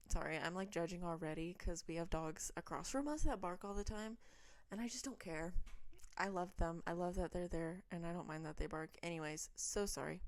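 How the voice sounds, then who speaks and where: A young woman vlogger chats casually, drifts into rambling asides, and reads online stories aloud. Her voice sits on the low side, she speaks fairly quickly, and there's no echo.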